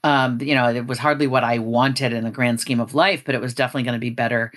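Low-voiced middle-aged woman giving earnest advice. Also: steady tone. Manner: earnest, measured, slows down for emphasis. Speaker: guest. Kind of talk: reflective advice in conversation.

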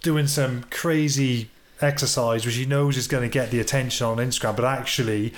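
A British man hosting a podcast, chatty and animated as he asks questions and tells stories. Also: medium pitch, normal speed, a little hiss or hum. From Britain. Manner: chatty, animated, acts out quotes. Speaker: podcast host. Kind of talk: casual podcast interview.

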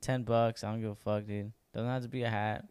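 A young man co-hosting a podcast, chatting casually in an animated, emphatic way and swearing freely. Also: on the low side, brisk, clear, resonant tone, dry recording. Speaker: podcast co-host. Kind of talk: casual chat.

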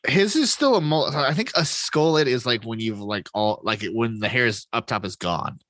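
A man co-hosting a podcast, chatting casually and excitably about a movie, swearing freely and laughing often. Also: medium pitch, moderate pace, dry recording. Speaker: podcast co-host.

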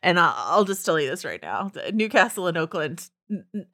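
A woman co-hosting a podcast in loose, joking chat, laughing and leaning on "like". Her bright voice moves animatedly up and down. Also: lowish voice, very animated, fairly quick. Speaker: podcast co-host. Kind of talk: casual chat.

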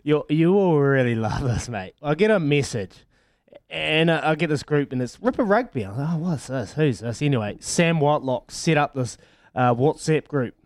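A man's voice: on the high side, animated, moderate pace, no echo. A New Zealand man in his thirties hosting a breakfast radio show, chatting casually with matey slang and frequent laughs, on a studio microphone.

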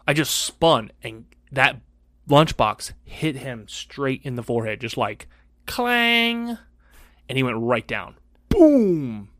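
A man in his forties, a podcast co-host telling a story in casual chat, animated, swearing freely and acting out voices. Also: mid-range voice, no room sound, clean studio sound.

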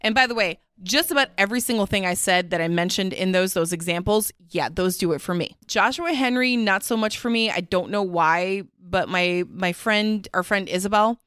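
A woman's voice: medium pitch, moderate pace, few pauses, clear, resonant tone, no echo, studio quality. A woman hosting a podcast, chatting frankly and expressively with plenty of swearing. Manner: blunt, expressive and profane. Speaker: podcast host. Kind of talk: frank casual chat.

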